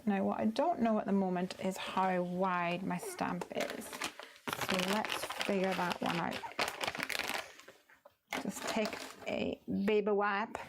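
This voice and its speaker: A woman's voice: mid-range voice, heavy background noise. A woman hosting a casual crafting livestream, chatting through each step as she works.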